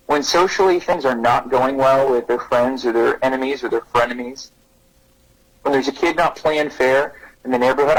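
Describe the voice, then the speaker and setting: Male guest speaker, thirties, lively storyteller who acts out quotes, husky tone. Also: poor audio. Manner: animated, pitches up to act out quotes. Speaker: guest speaker on parenting and resilience. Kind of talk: conversational podcast storytelling.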